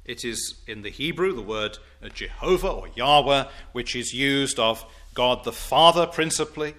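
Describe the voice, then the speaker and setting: A man preaching a sermon, deliberate and emphatic, with formal, old-fashioned wording and rising declamation on scripture quotes. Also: medium pitch, lively intonation, a bit bright.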